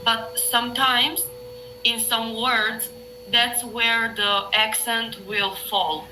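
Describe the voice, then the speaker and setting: Slow and steady in tone, this woman's voice sits on the high side against a noisy background. She's a native Italian speaker with an Italian accent tutoring online, casually and patiently fixing pronunciation while explaining in hesitant English.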